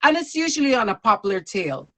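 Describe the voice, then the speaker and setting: Woman host, storytelling show; bright, forceful, announcer-like delivery. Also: fairly high pitch, sing-song, fast talker. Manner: announcer-like, welcoming. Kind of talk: show hosting.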